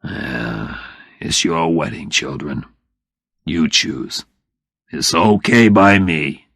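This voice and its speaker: Male reader voicing an easygoing older father figure in a storybook; low, gravelly, unhurried. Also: sing-song, fairly bright tone, dry recording, studio quality, exaggerated voice. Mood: resigned. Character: warm, friendly older working-class father.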